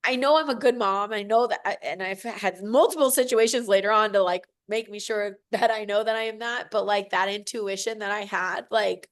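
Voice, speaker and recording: A woman's voice: medium pitch, normal speed, few pauses. Woman in her forties gushing emotionally. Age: 40s. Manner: emotional storytelling, gushing and animated, acts out what others said. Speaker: podcast guest. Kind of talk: casual chat.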